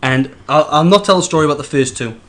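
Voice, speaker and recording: A man's voice: fairly high pitch, quick pace, a bit bright. A man, a podcast co-host telling a rambling story with frequent restarts. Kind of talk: casual anecdote telling.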